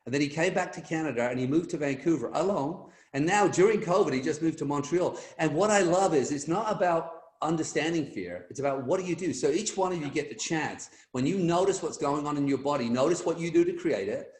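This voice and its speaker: A middle-aged man telling an energetic motivational story as a guest speaker on a team video call, acting out the voices in his anecdotes. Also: fairly high pitch, brisk, few pauses, roomy sound.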